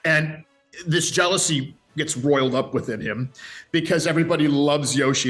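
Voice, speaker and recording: A man speaking as a voice actor in an interview, telling stories in an animated, energetic way with many restarts. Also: fairly high pitch, normal speed, soft background music. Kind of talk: interview chat.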